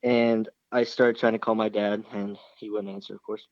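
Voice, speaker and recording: A young man with a fairly low voice tells a story in a relaxed, rambling way, circling back and restarting his sentences as he goes. The recording sounds slightly dull and very dry, with no room sound around him. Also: normal speed, no room sound. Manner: rambling, full of restarts and fillers. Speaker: interview guest, hunter. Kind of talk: casual storytelling.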